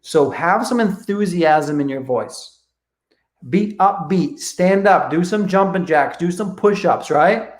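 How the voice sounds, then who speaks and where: A man with a high voice runs a live training, talking energetically and swearing freely. He acts out both sides of sales calls as he coaches. The sound is roomy and echoey. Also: expressive, slow. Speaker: real estate coach.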